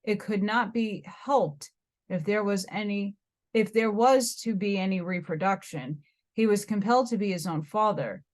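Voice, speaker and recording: A woman's voice: medium pitch, normal speed, a little mellow. American woman reading an old book aloud. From United States. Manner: stumbles over hard words, breaks off to comment. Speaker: reader.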